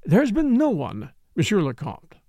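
A deferential French manservant, attentive and obliging, played by a male narrator. His voice sits higher than the narration, with a gravelly edge and a dry, close sound. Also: wildly swooping pitch, moderate pace, mellow, dry recording, full character voice.

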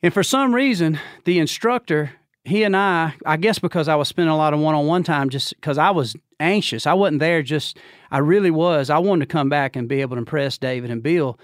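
Animated Georgia man telling a story. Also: a little fast, no room sound, clean studio sound. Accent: Southern US, Georgia. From Georgia, USA. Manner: animated storyteller who acts out quotes with big pitch jumps and laughs. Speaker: podcast guest. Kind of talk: casual storytelling chat.

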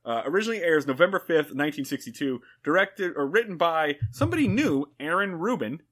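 A man's voice: on the high side, sing-song, fairly quick, a bit bright. A man co-hosting a podcast in laid-back, profane casual chat, with plenty of fillers. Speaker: podcast co-host.

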